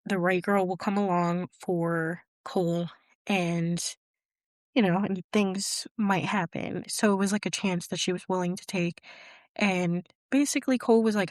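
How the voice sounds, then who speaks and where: Young woman podcast host rambling through a movie recap, kinda low voice, dry close sound. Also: no room sound. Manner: chatty, leans on fillers like "basically" and "type of thing". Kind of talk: casual film recap.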